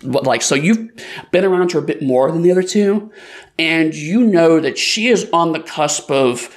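A man game master narrates a tabletop role-playing session with an animated, wide-ranging pitch. His voice sits a little high and moves freely, full of casual fillers. He narrates scenes and slips into character voices as he goes. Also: moderate pace.

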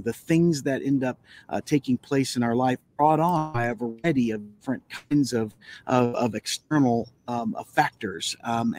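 A man hosting a live show, introducing a talk in a halting way with many fillers. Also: medium pitch, a little mellow. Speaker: host.

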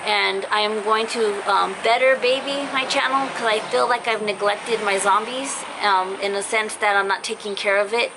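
A woman's voice: mid-range voice, fairly even intonation, moderate pace, few pauses, noisy background. A young woman talking casually and earnestly to her viewers, apologizing and rambling with fillers, her voice cutting in and out after being sick. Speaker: vlogger. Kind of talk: casual heartfelt vlog talk to viewers. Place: in a car.

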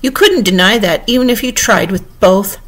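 A woman doing a sharp, scolding queen. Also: on the high side, sing-song, moderate pace, voice pushed up. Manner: sharp, impatient, lecturing. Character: stern bossy royal queen, sharp and scolding.

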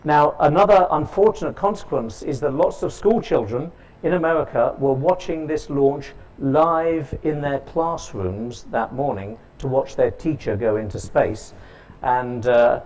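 A man's voice: medium pitch, a little mellow, rough recording. A man giving a keynote lecture at a conference, telling stories, quizzing the audience and slipping in dry jokes. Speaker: keynote speaker. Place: conference hall.

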